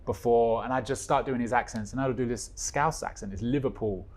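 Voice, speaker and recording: A man guest in a relaxed interview, telling an anecdote with lively energy. His voice sits in a middle register and rises and falls often as he gets into the story. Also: brisk. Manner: animated storyteller with swings in pitch and loudness. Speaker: guest, co-creator of a stage musical. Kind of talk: casual chat.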